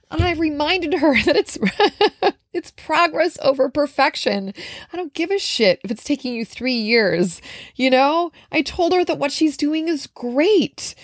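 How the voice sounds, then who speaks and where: A woman's voice: fairly high pitch, no echo, clean studio sound. A woman from Minnesota hosting a solo podcast as a nutrition coach, talking in an earnest, heartfelt, conversational way with fillers. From Minnesota, USA. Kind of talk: reflective solo podcast monologue.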